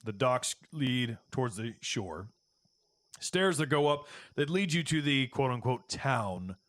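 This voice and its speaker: A man narrating a tabletop game as its game master. His voice is mid-pitched and sounds dry and close to the mic. He describes scenes in a relaxed, halting way. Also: no room sound. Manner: casual, halting descriptions with fillers.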